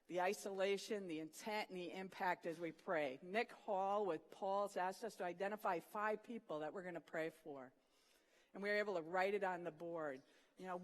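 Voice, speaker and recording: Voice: mid-range voice, long reverb tail. A speaker at a morning session of a Christian student program, telling a funny story in a devotional talk and acting out the quotes. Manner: animated storyteller, acts out the quotes.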